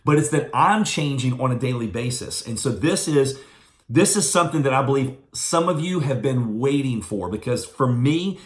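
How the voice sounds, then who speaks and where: A man speaking at a middle pitch, giving a motivational business training in quick, animated bursts. The room around him is roomy and echoey. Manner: fast, animated storytelling.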